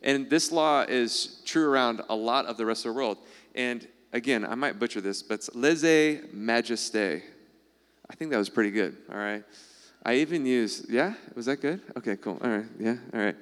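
A man's voice: medium pitch, brisk, smooth. Man teaching in a reverberant hall. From United States. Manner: keeps checking in with listeners, "all right?", "okay?"; animated, rhetorical questions. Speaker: speaker addressing a live audience. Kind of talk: teaching to a live audience.

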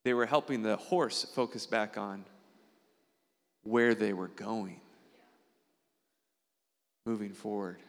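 A man preaching a conversational sermon as pastor, earnest and animated, often checking in with the congregation through quick tag questions. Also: long reverb tail. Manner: earnest, animated preaching with sudden jumps in pitch.

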